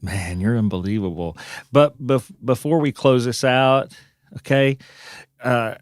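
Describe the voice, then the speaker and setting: A man's voice: mid-range voice, unhurried, dry recording. Teasing male podcast host, dry sound. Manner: teasing, interjecting with jokes. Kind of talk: casual chat.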